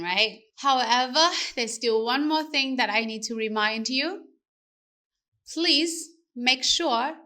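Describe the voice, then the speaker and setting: Slow, bright-voiced teacher. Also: female voice, fairly high pitch. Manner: careful, explanatory, asks rhetorical questions. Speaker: language teacher. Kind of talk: scripted language lesson.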